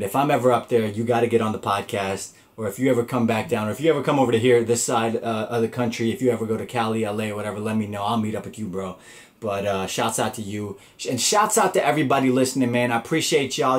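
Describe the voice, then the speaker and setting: A man's voice: mid-range voice, fast talker. A young man hosting a podcast, telling a rambling, profane story in casual chat. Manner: rambling, profane, laid-back. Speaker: podcast host.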